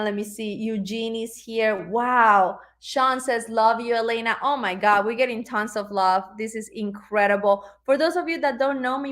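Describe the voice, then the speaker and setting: A woman hosting a live online call, gushing with excitement as she greets viewers and reads out their comments. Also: mid-range voice. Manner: gushing, repeatedly says she is super excited. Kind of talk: upbeat live-stream hosting.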